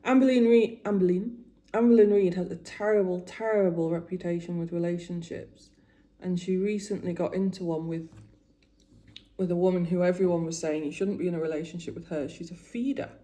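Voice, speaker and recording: A chatty woman in her forties talks to camera while doing her make-up. Her voice sits a little low and sounds mellow and warm. She gets emotional and keeps breaking off mid-sentence to start again. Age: 40s. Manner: chatty, emotional, trails off and restarts. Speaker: vlogger.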